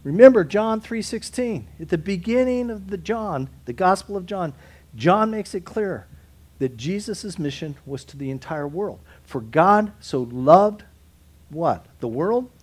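A man's voice: high voice, lively intonation, unhurried, a little mellow. A man teaching a Bible study, talking through the text conversationally, with restarts and asides and rising to emphatic peaks. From United States.

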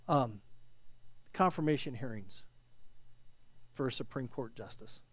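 A man's voice: mid-range voice, sing-song, a little slow, pauses often, no echo. A male pastor, preaching a sermon in a conversational, storytelling way with emphatic questions.

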